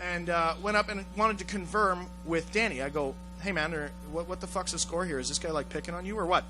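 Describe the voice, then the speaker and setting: A man telling a rough story on a casual talk show, swearing a lot and acting out the voices of the people in it. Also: high-pitched, a little fast, music in the background, poor audio. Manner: profane, animated, acts out voices in his story. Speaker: podcast host telling a story.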